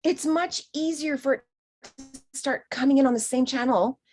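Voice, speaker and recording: Woman, spiritual course teacher, chatty, expressive, acts out voices, slightly high voice. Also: moderate pace.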